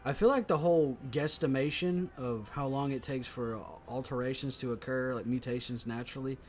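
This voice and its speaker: A man co-hosting a casual comedy podcast, riffing in loud, profane rants. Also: mid-range voice, brisk, slight background noise. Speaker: podcast co-host.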